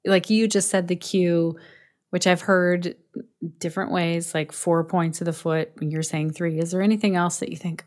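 Woman podcast host, low voice, warmly affirming interviewer. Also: steady tone, normal speed. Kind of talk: conversational interviewing.

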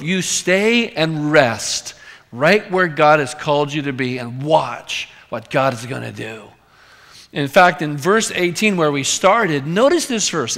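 A man preaching an expository sermon as pastor, fervent, repeating words and dropping to a hushed whisper at times. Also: high-pitched, in a large hall. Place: church sanctuary.

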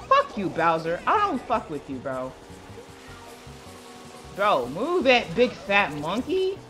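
A young woman giving live commentary on her own racing game play, swearing, stammering and breaking into frustrated outbursts. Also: sits low. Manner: stammering restarts. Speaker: gaming video creator.

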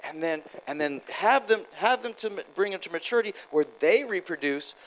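Male preacher, high voice, animated, loud bursts and quiet asides, quick repeats. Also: a little hiss or hum, rough recording. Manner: quick, with repeated words and restarts. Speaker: guest preacher. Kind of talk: sermon.

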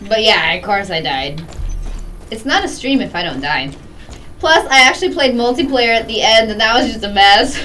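Giggly high-voiced woman streamer. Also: a bit bright, distant mic, slight background noise, low-quality recording. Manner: bubbly, giggly, greets chat by name. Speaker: game streamer. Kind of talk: casual live-stream chat while gaming.

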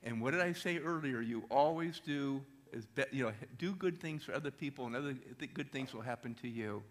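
A middle-aged man, a motivational speaker, telling an energetic story to a church audience and asking them questions. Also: mid-range voice, a little fast.

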